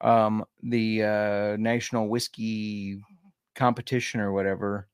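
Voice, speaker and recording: A man's voice: lowish voice, flat delivery, a little slow, smooth, dry recording, clean studio sound. A man co-hosting a casual podcast, joking and easygoing, sometimes reading notes aloud. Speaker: podcast co-host.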